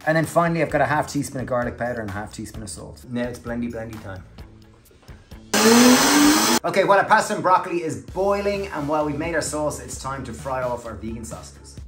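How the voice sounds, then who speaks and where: A man's voice: fairly high pitch, sing-song, fast, few pauses, fairly bright tone. Guy hosting a cooking show, chatty and upbeat, echoey kitchen, bit of music behind. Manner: chatty, upbeat step-by-step narration. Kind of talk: cooking demonstration.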